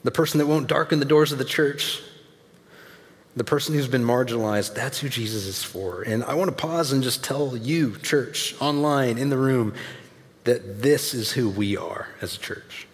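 A male pastor delivers a sermon in a relaxed, conversational manner, leaning into key points and dropping in casual asides. His mid-pitched voice carries through a large church hall, trailing a long reverb. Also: normal speed.

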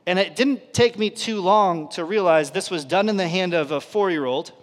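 A man in his thirties preaching a sermon as a pastor, telling a personal story and dropping to a hush for quoted lines. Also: high-pitched, moderate pace. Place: church auditorium. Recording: reverberant church hall.

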